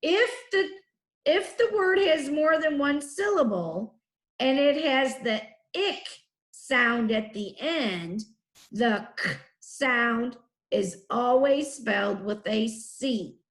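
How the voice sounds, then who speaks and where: A woman teaching phonics to first graders, speaking very slowly and spelling out each sound with care. Her voice sits a little high. The recording has an echoey room sound. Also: expressive. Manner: slow, clearly drawn-out letter sounds.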